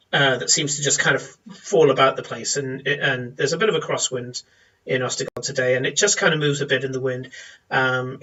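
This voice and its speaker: A man narrating a tabletop game as game master, descriptive and unhurried, with many small pauses and fillers. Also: medium pitch, bright, forceful tone, recorded from a distance, lo-fi sound.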